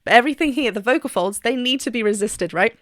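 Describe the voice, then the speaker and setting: A woman's voice: on the high side, expressive, fast talker, fairly bright tone, no echo, clean studio sound. A woman vocal coach chatting enthusiastically as she reacts to a song and explains singing technique. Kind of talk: casual reaction and vocal analysis.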